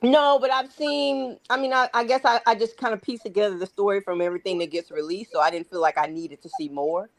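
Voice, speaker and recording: A woman's voice: mid-range voice, steady tone, a little fast, few pauses, no echo. A woman co-hosting a podcast in casual chat, frank and opinionated, often restarting her sentences. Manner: frank, opinionated, self-correcting. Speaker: podcast co-host.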